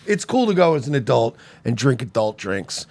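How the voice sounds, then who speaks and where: A man's voice: medium pitch, very animated, normal speed, darkish tone. A man co-hosting a talk show, telling stories in casual chat, swearing freely and acting out the people he describes. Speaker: radio show co-host.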